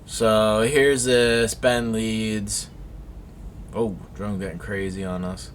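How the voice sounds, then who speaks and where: A young man co-hosting a casual motorsport recap, slangy and excitable, swearing and telling stories with animated energy. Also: lowish voice, slow, a little hiss or hum. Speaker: co-host. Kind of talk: casual recap commentary over race footage.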